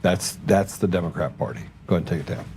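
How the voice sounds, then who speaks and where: A man's voice: deep voice, quick pace, a little mellow, a little hiss or hum. A man hosting a political talk show, casual and rambling, often sarcastic, repeating his words as he goes. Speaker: podcast host.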